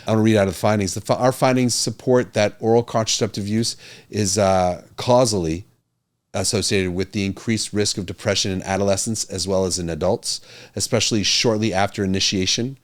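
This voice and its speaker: A man's voice: fairly low pitch, steady tone, brisk. A middle-aged man, a physician hosting his own podcast and speaking to a camera in an earnest, emphatic way that repeats his key points. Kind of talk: casual talk to camera.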